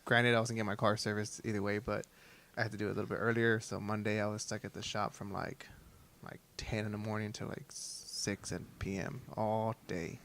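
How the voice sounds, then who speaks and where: A man's voice: lowish voice, little pitch movement, a bit bright, slight background noise. A young man co-hosting a podcast, chatting loosely and laughing as he talks. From South Texas. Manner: laughing, loose and chatty, reads plugs off quickly. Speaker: podcast co-host. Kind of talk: casual chat.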